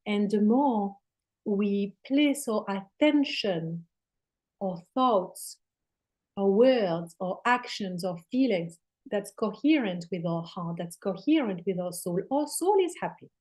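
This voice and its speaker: A woman spiritual teacher speaking as a guest in casual spiritual talk, swearing casually and sometimes dropping into soft near-whispers. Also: medium pitch, expressive, slow.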